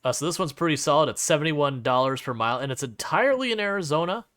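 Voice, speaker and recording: A man streaming a driving game chats casually with his chat, rambling with lots of fillers and playfully mocking the game. His voice is on the high side, expressive, fast and fairly bright.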